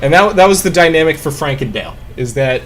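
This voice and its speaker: A man's voice: on the high side, expressive, quick pace, a bit bright, a little hiss or hum. Rambling, swearing male gamer. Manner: rambling, swears often, many fillers. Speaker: gamer and podcast host. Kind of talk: casual chat while playing a game. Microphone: desk mic close up.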